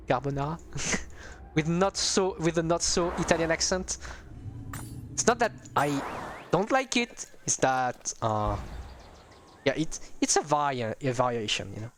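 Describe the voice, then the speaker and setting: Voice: medium pitch, slight background noise. Rambling, hesitant live-stream gamer. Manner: rambling, hesitant, chatty with viewers. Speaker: streamer playing a strategy game. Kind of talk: casual live-stream commentary.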